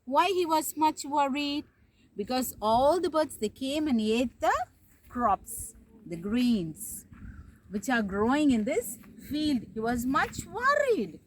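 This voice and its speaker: A kindergarten teacher with an Indian English accent gives a nature talk outdoors in a village field, asking coaxing questions in a sing-song way. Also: female voice, high-pitched, very animated, slow, slight background noise, poor audio.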